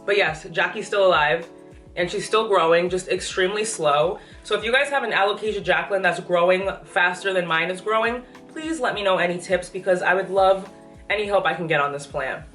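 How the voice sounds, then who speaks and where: In an indoor apartment room filled with plants, a young pregnant vlogger talks with enthusiasm about how her plants are doing, somewhat out of breath. Her voice is lowish and fairly bright, and she speaks fairly quickly. The room echoes, she sounds far from the mic, and faint music can be heard.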